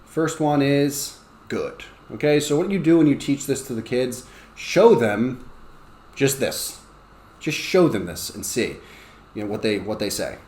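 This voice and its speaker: A man teaching ESL, explaining and acting out classroom drills with bursts of excited, high calls. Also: normal speed. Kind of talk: teaching demonstration. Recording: roomy echo.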